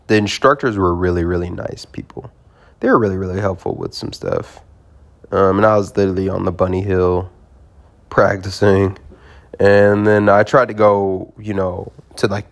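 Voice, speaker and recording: A man's voice: lowish voice, vocal fry. A young man casually telling a rambling, profane story as a podcast host, often laughing and circling back on himself.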